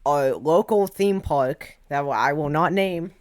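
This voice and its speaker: A man's voice: a little high, a little slow. A man chatting casually on a podcast and chiming in with short teasing interjections. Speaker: podcast co-host.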